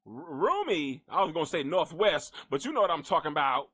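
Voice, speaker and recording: A man hosting a comedic gossip commentary, talking in an animated, profane way and repeating lines for effect. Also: on the high side, a little fast. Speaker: host.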